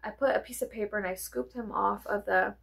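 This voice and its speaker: A woman, telling rambling stories in a chatty, profane, animated way. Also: mid-range voice, fairly quick, vocal fry, slightly rough. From American South. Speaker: vlogger. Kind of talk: rambling casual storytelling.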